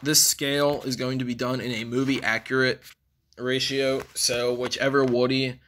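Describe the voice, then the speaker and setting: A man's voice: mid-range voice, flat delivery, normal speed, a bit bright, slight background noise. A man giving a casual video review of toys, rambling with frequent ums. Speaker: toy reviewer.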